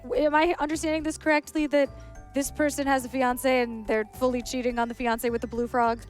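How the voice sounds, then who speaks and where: A woman's voice: high voice, flat delivery, a little fast, faint music behind. A woman commenting on a live speedrun with dry, teasing quips. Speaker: couch commentator.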